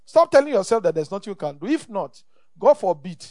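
A man's voice: high-pitched, very animated, a little fast, darkish tone, no echo, clean studio sound. A middle-aged Nigerian man preaching a sermon as pastor, emphatic and repeating his phrases, calling the congregation for amen.

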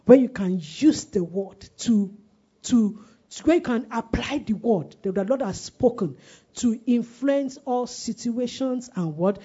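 A woman's voice: mid-range voice, warm tone, husky, dull audio. A woman preaching a sermon, calling on the congregation to repeat her phrases and driving points home through repetition. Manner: call-and-response, repeats phrases for emphasis.

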